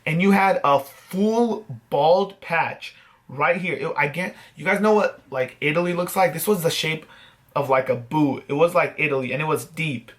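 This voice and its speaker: A man vlogging, telling a story to camera in a casual, animated, self-mocking way and swearing freely. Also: on the high side, moderate pace. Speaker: vlogger host.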